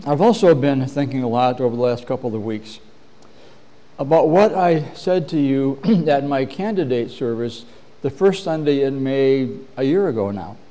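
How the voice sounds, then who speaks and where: Man, middle-aged pastor, sermon, measured, earnest, throat clearing, warm tone. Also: mid-range voice, animated.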